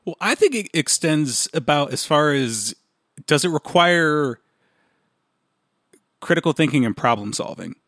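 A man's voice: on the high side, sing-song, a little slow, pauses often, a bit bright, no room sound. Rambling man, dry close sound. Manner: rambling, trailing off, chuckling. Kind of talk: casual chat.

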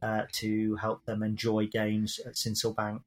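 A man's voice: lowish voice, monotone, a little slow. A man co-hosting a casual football fan podcast, rambling and self-deprecating with many fillers. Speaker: podcast co-host. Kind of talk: casual chat.

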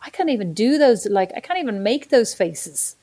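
A woman's voice: fairly high pitch, big pitch swings, normal speed, dark tone, slightly rough. A woman in her forties co-hosting a podcast, chatting and rambling with mock indignation. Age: 40s. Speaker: podcast co-host. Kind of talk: casual chat.

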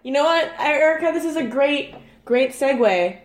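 A woman's voice: high-pitched, moderate pace. A woman co-hosting a podcast, chatting casually and laughing often, with lots of fillers. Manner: laughing, filler-heavy, relaxed. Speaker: podcast co-host. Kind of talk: casual chat. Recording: echoey room.

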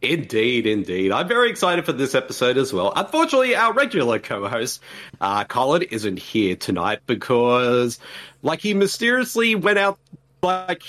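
An Australian man hosts a podcast in a loose, chatty way. His pitch rises and falls a lot as he introduces his co-hosts, and he laughs off his own slips. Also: normal speed. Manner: chatty, lively, self-correcting with laughs. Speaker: podcast host. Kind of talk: casual podcast chat.

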